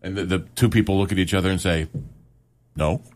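A man co-hosting a casual chat, retelling a story in an animated, jokey way. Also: sits low, rapid-fire.

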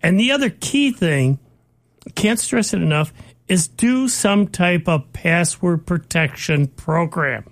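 A man's voice: high-pitched, animated, slow. A man co-hosting a tech talk show, giving folksy advice to listeners in a casual chat.

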